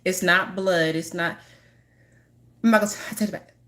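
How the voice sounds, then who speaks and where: A woman's voice: on the low side, fairly even intonation, moderate pace, fairly bright tone. A woman spiritual healer talking casually to her viewers, rambling, restarting sentences and laughing often. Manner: apologetic giggling asides. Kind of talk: casual chat to camera.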